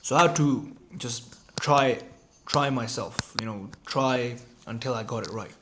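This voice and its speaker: Young man, casual personal storytelling, profane and repetitive, mid-pitched voice. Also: unhurried, background noise. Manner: casual, profane, repeats himself, slangy "bro". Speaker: online business creator.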